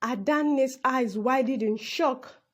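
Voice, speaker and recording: A woman's voice: high voice, slow, a bit bright. A woman narrating a children's folk tale and shifting her voice for each character. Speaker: storyteller.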